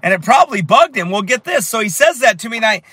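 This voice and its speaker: A man preaching with fire and emphasis as he tells a story, at times rising to shouts. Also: high-pitched, big pitch swings, quick pace, breathy edge, dry recording. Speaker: street preacher. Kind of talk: preaching while telling a story.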